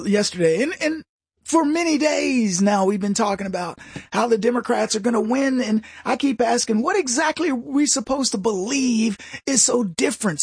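Husky radio host guy ranting, dry booth sound, jumps into mocking voices. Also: very high voice, dry recording. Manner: animated, mocking put-on voices, frequent restarts. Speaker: radio talk show host. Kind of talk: political talk radio monologue.

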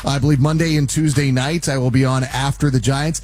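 A man's voice: fairly even intonation, a little fast, a little mellow, faint music behind. A man, a sports radio host chatting casually as he wraps up his show, a little nasal in tone. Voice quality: nasally deep voice. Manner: chatty, self-deprecating, plugging.

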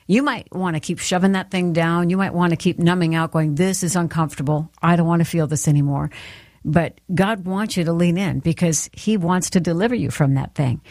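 A woman's voice: fairly low pitch, a little mellow, no room sound. A woman giving an earnest, encouraging devotional talk that speaks straight to the listener. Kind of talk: sermon-style devotional talk.

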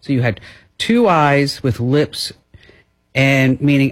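A woman's voice: very deep voice, big pitch swings, slow pace. A woman hosting a radio show, chatting playfully and laughing often. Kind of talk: casual chat.

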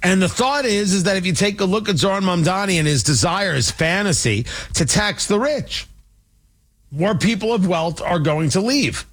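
A male talk radio host from Indiana with a high, lively voice that swings all over. He's sarcastic and rambling, riffing off on tangents between points. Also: moderate pace. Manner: sarcastic, animated, digressive. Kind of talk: political commentary.

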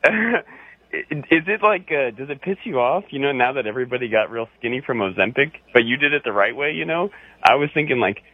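A man's voice: medium pitch, animated, fairly quick, slightly rough. A man from Orange County calling a radio show, ribbing the host in a chatty way with lots of "you know". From Orange County, California. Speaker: caller. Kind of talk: needling call-in banter. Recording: phone line, dry.

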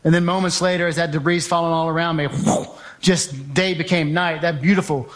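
A middle-aged man recounts a harrowing experience as a live talk. His voice sits on the high side for a man, and he acts out his own cries and quick remarks with urgent energy. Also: fairly even intonation. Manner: intense storytelling, acts out his own shouts. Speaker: speaker giving a testimony.

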